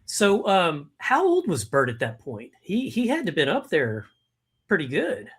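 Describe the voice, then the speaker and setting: An interview host with a voice of middling pitch runs a casual live chat. The questions come out eager and loose, with restarts before the point lands. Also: huge pitch swings, measured pace, breathy edge.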